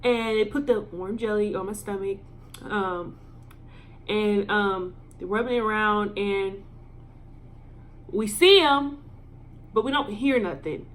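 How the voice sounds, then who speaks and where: A young woman telling an emotional personal story in a vlog, with lots of ums and pauses. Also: mid-range voice. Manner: halting and filler-heavy, emotional. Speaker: vlogger.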